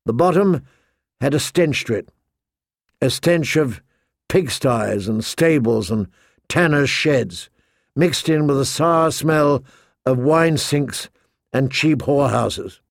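A man narrating a fantasy audiobook in a steady, measured storytelling voice. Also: medium pitch, creaky, no echo, studio quality.

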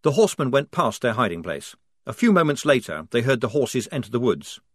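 A man narrating an audiobook in a measured, expressive way. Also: mid-range voice, slightly rough, dry recording, clean studio sound. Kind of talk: scripted narration.

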